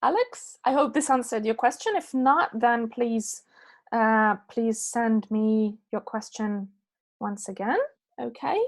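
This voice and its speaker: Speaking slowly in a voice on the high side, a woman who teaches English responds to chat questions following an online lesson. She's using an online meeting microphone. Patient and attentive, she checks that her answers land with "yeah?" and "okay?".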